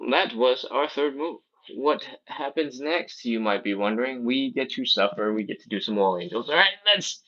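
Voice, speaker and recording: A man's voice: fairly high pitch, fairly bright tone, highs cut off. A man leading a live stretching class, coaching and counting reps aloud in a playful way. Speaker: fitness instructor.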